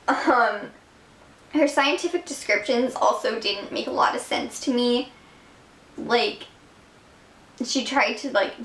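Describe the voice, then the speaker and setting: Young woman, late teens, bubbly, gushing, lots of "like", higher voice, echoey room. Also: a bit bright. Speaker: book reviewer. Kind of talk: casual vlog review.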